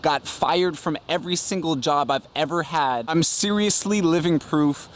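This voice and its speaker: A man's voice: fairly high pitch, moderate pace. A man telling his story to his viewers in an earnest, confessional vlog monologue. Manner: earnest, addresses viewers as guys. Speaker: vlogger.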